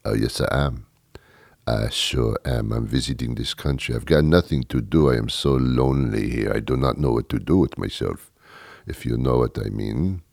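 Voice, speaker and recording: A phony Frenchman murmurs in a thick fake French accent, as a man puts him on. The voice drops deep and quiet, slow and suave. The sound is close and dry. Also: creaky, no room sound, heavily acted. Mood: seductive. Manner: slow, hushed, suave put-on. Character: phony Frenchman at a hotel bar, smooth-talking and lonely.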